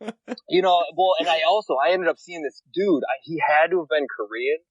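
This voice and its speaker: A man's voice: a little high, a little fast, husky, no room sound, lo-fi sound. A young man, a podcast guest, telling stories in a laid-back way and laughing easily. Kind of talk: casual chat.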